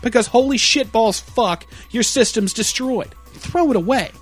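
Young man, high voice, profane exasperated rant, faint music behind. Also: unhurried. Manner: crude, exasperated, swears a lot, laughs mid-sentence; mocks customers in a shrill put-on voice. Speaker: computer repair guy ranting.

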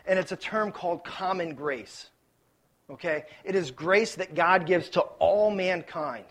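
A man from Ohio preaching a sermon, telling stories in a lively, joking, conversational way. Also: high-pitched, a little slow. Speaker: pastor.

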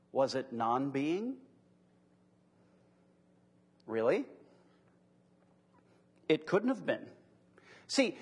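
A man with a high, husky voice gives a lecture to a live audience. He talks conversationally and then slows down to repeat his key phrases for emphasis. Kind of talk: classroom lecture on apologetics.

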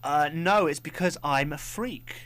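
A man's voice: a little high, a little slow, a bit bright. A young man co-hosting a student radio show, rambling and self-mocking in casual banter. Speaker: radio co-host. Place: radio studio.

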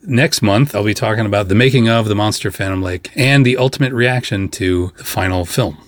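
This clip, recorded dry, features a man hosting a podcast whose voice sits on the low side. He spins a behind-the-scenes story as a loose, chatty monologue packed with fillers and quick side comments.

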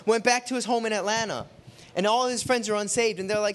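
Animated storytelling preacher, high-voiced man. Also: fast talker. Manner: animated, conversational, acts out quotes. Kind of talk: sermon with storytelling.

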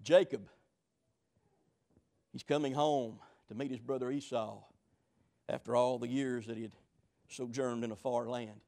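A man preaching a sermon, telling stories dramatically, swinging between shouting and low murmurs. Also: steady tone, a little slow, gravelly, long pauses.

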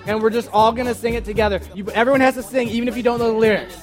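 High-voiced man rallying a group. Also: fairly even intonation, quick pace, faint music behind, some chatter behind. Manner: joking, coaxing, repeats himself. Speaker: podcast host. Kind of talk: casual chat to a live group.

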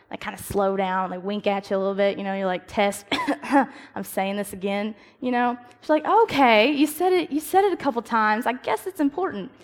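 A young woman giving a casual devotional talk, telling stories and acting out her own thoughts. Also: mid-range voice. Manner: chatty, storytelling, acts out her own inner dialogue. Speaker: youth speaker. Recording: long reverb of a hall.

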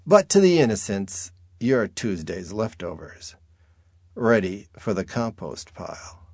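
A man's voice: lowish voice, darkish tone, dry recording. A man narrating an audiobook in a dry, wry first-person storytelling manner.

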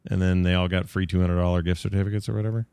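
A man's voice: low voice, level tone, very fast, mellow, smooth, dry recording. A man co-hosting a podcast in casual chat, joking around and laughing often. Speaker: podcast co-host.

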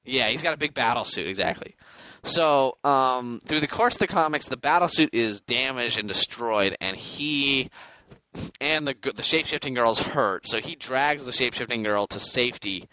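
A man's voice: medium pitch, animated, normal speed, bright, forceful tone, rough recording. A young man co-hosting a podcast, chatting loosely about comics, rambling and laughing as he acts out what characters say. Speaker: podcast co-host. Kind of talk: casual comic book chat.

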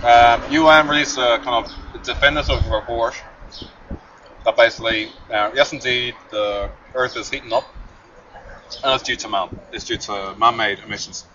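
A man's voice: medium pitch, steady tone, normal speed, sharp tone. A man co-hosting a podcast, chatting casually over beers and swearing freely. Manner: laid-back, swears casually. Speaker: podcast co-host. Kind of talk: casual beer-drinking chat. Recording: distant lo-fi mic with hiss.

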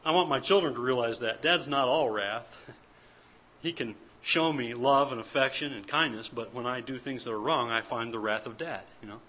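A man's voice: mid-range voice, normal speed, pushed and bright. A man preaching an earnest, emphatic church sermon as pastor, repeating his key points. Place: church service.

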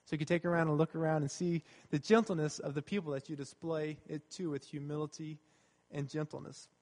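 A man's voice: a little high, steady tone, brisk, a little mellow. A pastor giving a sermon, earnest and conversational, who repeats his key phrases. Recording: long hall reverb.

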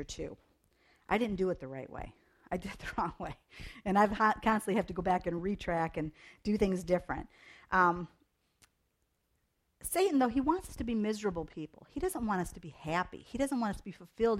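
A middle-aged woman giving a casual devotional talk to young people, chatty and rambling through personal stories. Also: on the high side. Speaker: youth devotional speaker.

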